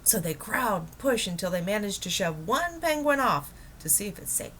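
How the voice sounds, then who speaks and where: Reading aloud from a children's book, a woman gives voice to an eager, dreamy middle-aged man with a passion for penguins, in an enthusiastic, wondering manner. She pitches above her own voice to a medium pitch, very animated, fairly bright and moderately paced. A little hiss or hum is audible.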